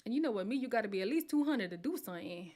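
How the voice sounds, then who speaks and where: A woman's voice: medium pitch, lively intonation, racing, a little mellow. A woman hosting a casual live watch party, chatting freely, reading viewer comments aloud and slipping into whispered asides. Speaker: livestream host reacting to a reality show.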